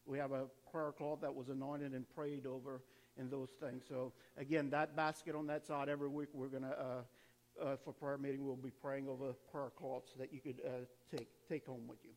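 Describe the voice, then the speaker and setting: A man, a pastor giving church announcements and leading the offering in a casual, chatty way, with quick laughs and restarts. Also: mid-range voice, flat delivery. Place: church sanctuary.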